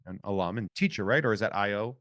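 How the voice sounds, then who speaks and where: A man's voice: fairly low pitch, fast talker, fairly bright tone. A man hosting a podcast in casual chat, talking in loose, rambling sentences with lots of restarts. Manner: rambling, full of restarts and 'like' fillers. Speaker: podcast host.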